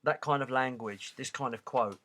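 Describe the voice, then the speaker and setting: A man reads passages from a book and stops often to comment. His asides are casual and halting, with many restarts and doubled words. His tone turns mildly sarcastic. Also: mid-range voice, a bit bright. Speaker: reader and commentator.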